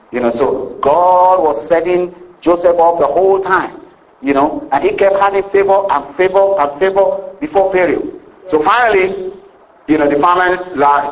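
A man's voice: fairly high pitch, rough recording. A man preaching a sermon, retelling a scripture story in a rambling, conversational way with many fillers and calls for amen. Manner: asks the congregation for "Amen".

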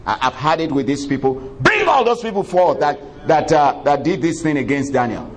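A male preacher voicing a troubled ancient king who cries out in anguish, his voice pitched up high and strained. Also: big pitch swings, normal speed. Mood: angry. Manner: dramatic, lamenting retelling.

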